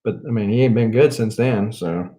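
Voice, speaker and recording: Southern-accented man, casual rambling host, lots of chuckles and drawn-out fillers. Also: fairly low pitch, dark tone. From Mississippi. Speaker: comic book channel host. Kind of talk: casual rambling haul chat.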